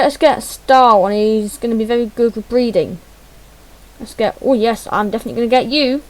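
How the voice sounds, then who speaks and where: A woman's voice: a little high, poor audio. A woman giving chatty, self-deprecating gameplay commentary, muttering to herself as she fumbles through menus. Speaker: gaming channel host.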